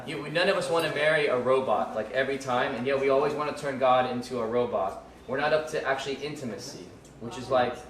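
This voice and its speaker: A male ministry school teacher delivers a rambling live lesson packed with restarts, fillers, and jokes. He speaks fast in a mid-range voice with hardly any pauses. The audio sounds echoey, taken from a distant mic with faint background noise.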